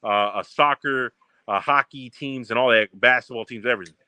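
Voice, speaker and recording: A young podcast co-host from Baltimore, Maryland, trash-talks in heated sports banter, brash and mocking. His mid-range voice is fairly quick, bright and forceful, recorded clean with no room sound.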